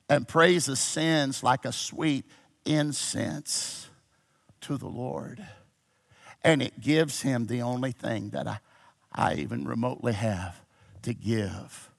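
Gravelly-voiced preacher man, shouting and dropping low. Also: slow pace, long pauses. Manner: swings from shouted exhortation to low intimate teaching. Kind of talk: sermon. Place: church with a responsive congregation.

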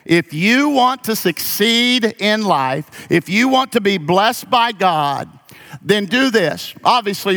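A man's voice: high-pitched, lively intonation, slow pace, pushed and bright. A pastor preaching a sermon, moving from folksy stories to emphatic calls to his congregation.

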